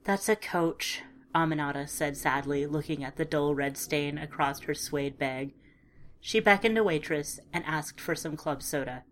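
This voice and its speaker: A woman narrating a first-person story in a calm, measured, understated way. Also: sits low. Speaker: audiobook narrator.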